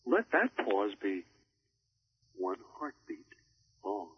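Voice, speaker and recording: A man coaching on public speaking in a measured way, with deliberate pauses for emphasis. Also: lowish voice, big pitch swings, lo-fi sound, slight background noise. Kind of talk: instructional talk on a recorded program.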